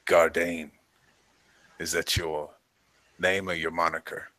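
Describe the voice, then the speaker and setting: Terse gloved cat-man stranger in a tabletop game, deep and forceful, blunt clipped questions, as the game master puts him on. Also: level tone, slow, no echo, full character voice. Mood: wary, blunt.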